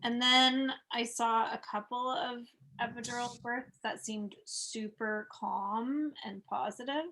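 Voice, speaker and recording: Candid expectant mother, higher voice with vocal fry, speaks bluntly and swears. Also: steady tone, takes it slowly, hardly any pauses, sharp tone, a little hiss or hum. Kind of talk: casual conversation.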